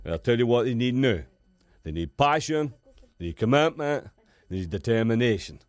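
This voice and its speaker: A man's voice: fairly high pitch, wildly swooping pitch, normal speed, a bit bright, husky, no echo, exaggerated voice. Man doing a pundit who keeps repeating himself. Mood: insistent. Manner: keeps repeating stock phrases, insistent. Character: repetitive male football pundit, passionate.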